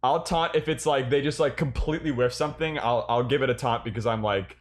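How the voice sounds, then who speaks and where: A man's voice: mid-range voice, quick pace. A man co-hosting a casual gaming podcast, telling stories with lots of swearing and restarts. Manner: animated storytelling, swearing, frequent restarts. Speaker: podcast co-host.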